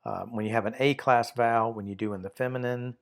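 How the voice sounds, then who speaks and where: A man's voice: medium pitch, steady tone, fast talker, creaky. A man teaching a Greek grammar lesson, talking through a textbook with many fillers and restarts and sometimes reading passages aloud. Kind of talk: unscripted lesson walkthrough.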